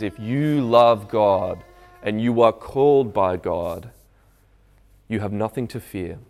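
A man preaching a sermon. He reads scripture aloud and explains it, sometimes quietly and sometimes with raised, emphatic delivery. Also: fairly low pitch. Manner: swings from hushed reading to raised, emphatic preaching.

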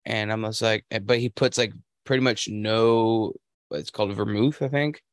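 A young man co-hosting a podcast, telling a story in casual chat with halting restarts. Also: fairly low pitch, fairly even intonation, no echo, clean studio sound. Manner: storytelling, halting restarts, puts on voices for quotes. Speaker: podcast co-host.

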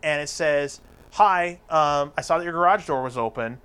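A man's voice: on the high side, normal speed, fairly bright tone, smooth. A man telling a crude, profane story in casual chat, acting out the lines of the people in it.

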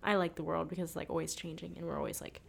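A young woman hosting a podcast in casual chat, joking and excitable, with lots of fillers. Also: sits low, rapid-fire, creaky. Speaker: podcast host.

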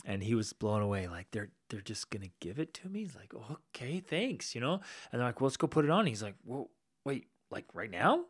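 A man's voice: on the low side, fast talker, few pauses, no room sound, clean studio sound. A man hosting a podcast, telling a personal story in a casual way and acting out the voices of the people in it. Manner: animated, acts out quoted people. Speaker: podcast host.

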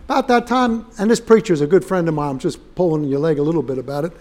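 A man's voice: a little high, quick pace, darkish tone. A man giving a storytelling sermon as a guest preacher, joking and acting out quoted dialogue in different voices. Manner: humorous, acts out quoted dialogue.

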